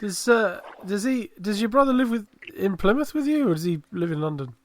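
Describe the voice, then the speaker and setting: A man's voice: high-pitched, expressive, fairly quick. A man co-hosting a podcast, asking questions casually and laughing often. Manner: laughs a lot, asks questions. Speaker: podcast co-host, tennis coach.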